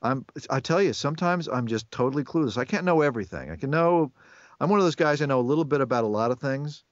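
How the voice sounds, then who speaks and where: A man's voice: mid-range voice, animated, fast, no room sound. Chatty man with a rambling manner. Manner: chatty, rambling with many restarts. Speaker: voice actor guest. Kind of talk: casual interview chat. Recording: dull, dry lo-fi recording.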